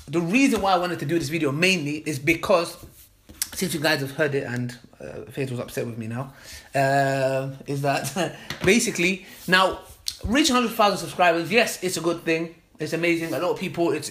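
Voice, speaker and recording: A man hosting his own vlog in an easy, chatty way. He talks to camera in a slightly high voice, repeating phrases as he goes. He keeps checking in with his viewers, ending lines with "yeah?". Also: a bit bright. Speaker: YouTube host. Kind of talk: casual vlog talk to camera.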